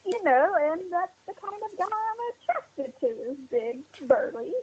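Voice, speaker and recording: A woman's voice: very high-pitched, sing-song, unhurried, a little mellow. A woman chatting casually in a played video clip, hedging often with "like" and "maybe". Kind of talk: casual chat. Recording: dull clip with faint noise.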